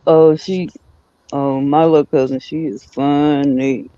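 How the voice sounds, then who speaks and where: A man's voice: on the high side, flat delivery, slow, warm tone, clear, resonant tone, no room sound. A man co-hosting a casual podcast chat. He laughs easily and tells stories in emphatic, repeating phrases. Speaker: podcast co-host. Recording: dull, dry lo-fi recording.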